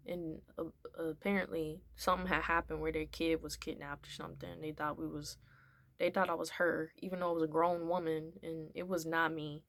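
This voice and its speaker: A woman's voice: lowish voice, moderate pace, no room sound. A young woman telling a casual story, rambling with many fillers and acting out what people said. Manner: animated, acts out what people said. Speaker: vlogger.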